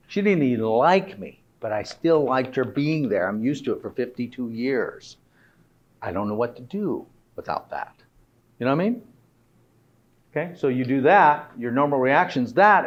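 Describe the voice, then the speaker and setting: A man's voice: mid-range voice, dull audio. A middle-aged man giving a conversational health talk to an audience, often tossing out rhetorical questions. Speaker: health speaker.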